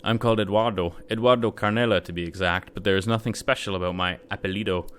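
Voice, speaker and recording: A man reading video game dialogue aloud as a sly, smooth-talking male Cuban mercenary with a put-on Spanish accent. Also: on the low side, fairly even intonation, quick pace, fairly bright tone, close to an everyday voice.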